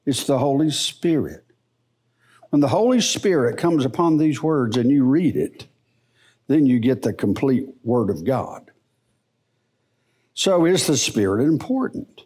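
A middle-aged man teaching the Bible in a church service, in a folksy, unhurried preaching manner. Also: medium pitch, breathy edge. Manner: slow, animated, folksy preaching.

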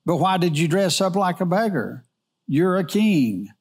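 A man's voice: high-pitched, expressive, measured pace, slightly rough, pitched above the performer's own voice, exaggerated voice. A man reading as a stammering poor young man. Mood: bewildered. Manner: stammering, questioning.

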